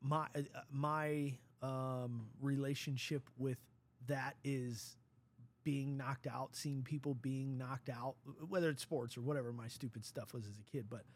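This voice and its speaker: A middle-aged man, a father, talking casually in an earnest, rambling, halting way. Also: medium pitch, steady tone. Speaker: father and podcast host. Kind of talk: casual conversation.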